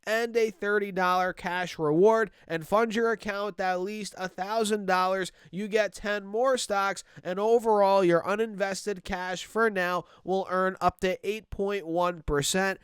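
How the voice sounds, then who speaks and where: A man's voice: high-pitched, steady tone, a little slow, hardly any pauses, smooth, no echo, clean studio sound. A man hosting casual stock market commentary, sounding nasal from a stuffy, allergy-clogged nose, talking energetically to his viewers and thinking aloud with fillers. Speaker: stock market video host.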